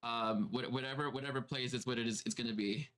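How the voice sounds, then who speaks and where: A man running a tabletop game as game master, narrating and chuckling as he goes. His voice sits at an everyday middle pitch, and he doubles back over his words. Tavern music plays faintly behind him. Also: steady tone, fast, a bit bright. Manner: laughing, repeats words.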